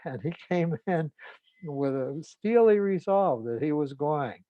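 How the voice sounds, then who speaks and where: A man, a psychotherapist, recounting a client's case in a measured, deliberate way. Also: a little high, expressive, no echo, dull audio.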